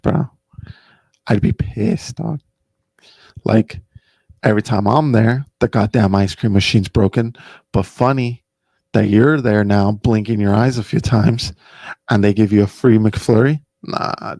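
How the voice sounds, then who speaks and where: A man's voice: mid-range voice, a little mellow, dry recording. A young man hosting a podcast, rambling casually and profanely, saying "bro" and "dude" constantly. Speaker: podcast host.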